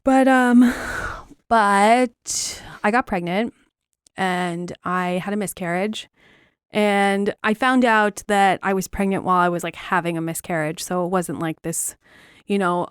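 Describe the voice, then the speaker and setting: A woman's voice: mid-range voice, unhurried, clean tone, dry recording. Young woman host, confessional storytelling, blunt and filler-laden with gallows humor, dry close-miked sound. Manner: frank, filler-heavy, dark humor. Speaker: podcast host. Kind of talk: candid personal storytelling.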